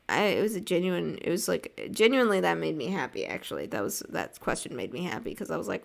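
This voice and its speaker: A woman's voice: fairly low pitch, sing-song, fast, creaky, few pauses. Chatty American woman streaming as she draws. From United States. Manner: chatty and rambling, reading chat aloud, frequent "like" and laughs. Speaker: art streamer. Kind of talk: casual livestream chat while drawing.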